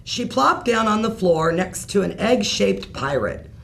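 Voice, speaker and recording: A woman reading a bedtime story aloud in an expressive, unhurried way. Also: medium pitch, creaky, slight background noise.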